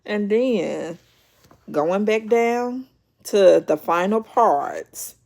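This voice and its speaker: A woman's voice: medium pitch, expressive, extremely slow, vocal fry, darkish tone. A woman hosting a casual reality show recap, chatty and storytelling, acting out quotes with laughs.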